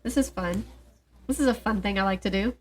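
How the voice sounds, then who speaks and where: A woman's voice: medium pitch, fairly quick. An American woman co-hosting a casual book podcast, agreeable and upbeat, often trailing off mid-thought. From United States. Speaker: podcast co-host. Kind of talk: casual chat about audiobooks.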